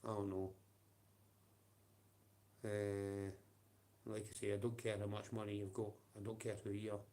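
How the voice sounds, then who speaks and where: A man's voice: on the low side, level tone, moderate pace, mellow. A man with a Scottish accent ranting on a livestream, profane and confrontational, with blunt taunts.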